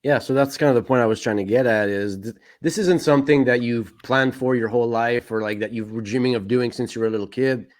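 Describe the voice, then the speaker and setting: A man's voice: mid-range voice, steady tone, fast, hardly any pauses. Easygoing male podcast host. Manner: easygoing, asks questions with a laugh. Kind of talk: casual interview chat.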